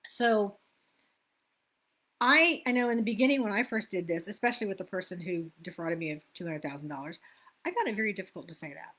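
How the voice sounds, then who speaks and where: A woman's voice: mid-range voice, a little fast, fairly bright tone. Self-help coach, woman, middle-aged; loose, chatty delivery that wanders and self-corrects. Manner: chatty, loses her place and laughs at herself. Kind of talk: casual teaching talk.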